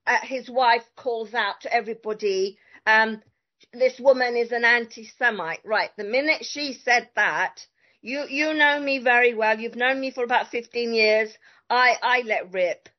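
A woman's voice: fairly high pitch, a little slow. A woman guest in casual conversation, telling a story emphatically and indignantly, with many fillers. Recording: dull lo-fi audio.

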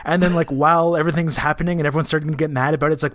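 A man's voice: a little high, steady tone, racing, fairly bright tone, no echo. A man co-hosting a podcast, talking casually in a wry, rambling way with many restarts. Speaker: podcast co-host.

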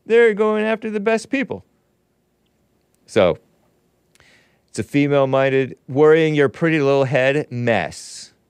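A man's voice: on the high side, lively intonation, takes it slowly, pauses often, clean tone, dry recording, clean studio sound. A man hosting his own commentary show, reading news aloud and scoffing at it with sarcastic asides. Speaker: host. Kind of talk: opinionated commentary show monologue.

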